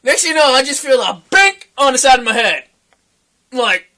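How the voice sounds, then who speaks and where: A young man co-hosting a casual podcast, telling a wild story in an animated way, acting out the quoted voices and swearing freely. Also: extremely high pitch, fairly quick. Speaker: podcast co-host.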